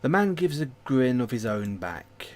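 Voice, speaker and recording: Male streamer, slow lively read-aloud of game text, wry self-deprecating asides. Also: mid-range voice. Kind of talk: reading a story game aloud with live commentary.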